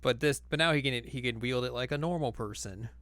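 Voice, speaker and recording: A man co-hosting a podcast, recapping casually in a playful, jokey way. His voice sits at a middling pitch, and the sound is dry and close to the mic. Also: brisk, fairly bright tone, no room sound. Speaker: podcast co-host. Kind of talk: casual anime recap chat.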